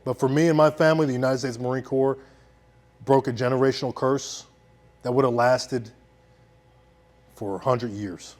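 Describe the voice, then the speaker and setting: A young man telling a personal story on stage, intense, swinging from loud shouting to hushed quiet. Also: medium pitch, fairly even intonation, normal speed, long pauses. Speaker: veteran storyteller.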